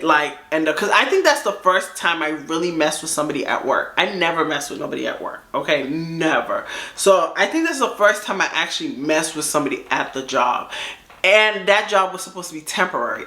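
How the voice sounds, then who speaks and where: Animated young woman in an echoey room. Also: deep voice. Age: young adult. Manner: animated, slangy, rambling. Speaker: storytime vlogger. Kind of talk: casual storytime chat.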